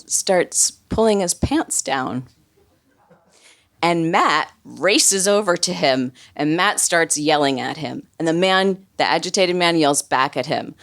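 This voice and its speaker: Brief: low-pitched woman, wry live storyteller, chatty, filler-heavy delivery. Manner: wry, conversational, many fillers.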